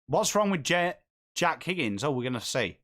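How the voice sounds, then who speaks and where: This is casual live-stream chat mixed with commentary from a man from England running a football watchalong. He talks with viewers, responds to their comments and calls the play in a voice on the high side, very animated, fairly bright, at a normal speed.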